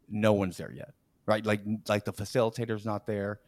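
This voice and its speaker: A man's voice: fairly low pitch, moderate pace, no echo. A man hosting a podcast, telling a story in casual chat, often laughing and acting out the people in it. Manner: animated, laughs often, acts out quoted people. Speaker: podcast host.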